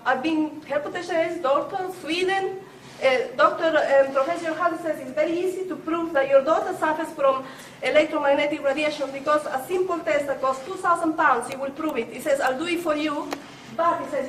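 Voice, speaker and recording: High-voiced emotional woman in an echoey hall. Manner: halting, repeats words, pleading. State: emotional, close to tears. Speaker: audience member at a public meeting. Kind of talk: emotional question from the floor. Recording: echoey hall, distant mic, background noise.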